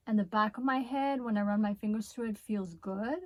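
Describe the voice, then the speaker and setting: In a dry recording, a Spanish-accented woman reviews hair products on her vlog with a mid-range voice, talking briskly with hardly any pauses. She's chatty and enthusiastic, laughing and tossing in asides.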